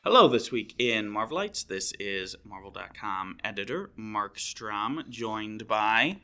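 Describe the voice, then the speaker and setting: A man's voice: on the low side, animated, unhurried, sharp tone. Rambling, self-deprecating man on a podcast. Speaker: website editor. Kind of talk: casual chat.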